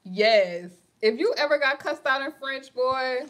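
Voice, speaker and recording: A woman's voice: high voice, expressive, measured pace, fairly bright tone. A young woman from New York with a New York accent, hosting a casual livestream and chatting with viewers, laughing often and talking in slang. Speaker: livestream host. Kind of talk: casual livestream chat reading comments.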